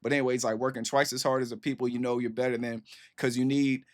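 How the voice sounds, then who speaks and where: A man's voice: medium pitch, flat delivery, fast talker. A man, chatting loosely as a reaction host with lots of fillers. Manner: loose, rambling, heavy on fillers like "you know what I'm saying". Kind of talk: casual commentary on a song.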